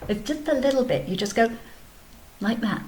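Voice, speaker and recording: A woman teaching a kindergarten video lesson, explaining patiently in a gentle, sing-song way. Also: on the high side, animated, normal speed. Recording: echoey room, faint background ambience.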